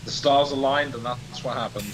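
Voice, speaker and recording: A man trades playful jabs as a podcast co-host and spins joking little scenes. His voice sits at an ordinary middle pitch for a man. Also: moderate pace, fairly bright tone, slight background noise, low-quality recording. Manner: joking, teasing banter. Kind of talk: casual podcast chat.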